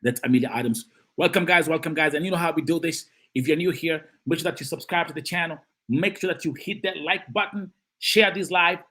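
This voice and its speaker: A man hosting a live-stream of political commentary, animated and emphatic, who repeats phrases and greets and reads out chat comments. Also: on the high side, a little fast.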